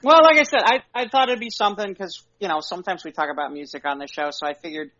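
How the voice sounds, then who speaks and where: A man's voice: high-pitched, fast, pushed and bright. A man co-hosting a podcast in casual chat, candid and conversational, peppering his talk with "you know". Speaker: podcast co-host. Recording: dull lo-fi podcast audio.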